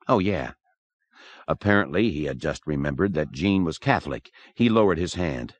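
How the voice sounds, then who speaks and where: A man narrating a horror audiobook in an expressive, dramatic manner. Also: very deep voice, brisk. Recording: dry close recording.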